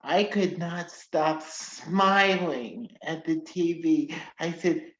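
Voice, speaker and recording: Female interview host, slow, fan-like, echoey room, muffled audio. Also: sits low. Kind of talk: casual interview chat.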